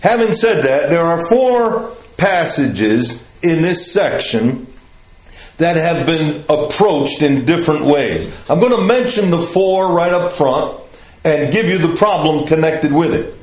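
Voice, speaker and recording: An older man teaching a Bible class, explaining passages in a slow, measured way. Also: on the high side, expressive. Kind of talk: Bible study lecture. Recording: echoey room.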